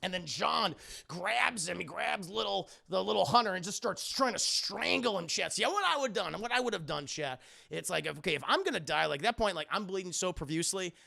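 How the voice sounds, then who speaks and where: Man, film streamer, swearing live recap, high voice, bright and gravelly tone. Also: animated, fairly quick. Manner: profane, rambling, often addresses chat.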